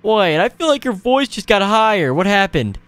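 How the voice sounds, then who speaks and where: A man hosting a gaming video, giving excitable, casual play-by-play commentary full of exclamations and asides to his viewers. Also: high-pitched, moderate pace, no echo. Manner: excitable, frequent exclamations, addresses viewers as boys.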